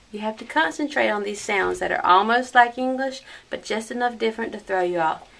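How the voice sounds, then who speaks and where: A woman teaching Spanish pronunciation in a recorded lesson, slowly drilling each word with careful repetitions. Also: on the high side, lively intonation, fairly bright tone.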